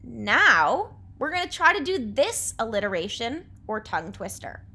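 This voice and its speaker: A young woman teaching a class, with a high, bright voice. She speaks clearly and patiently, with a warm, encouraging delivery suited to young students. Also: very animated, moderate pace. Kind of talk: remote class lesson.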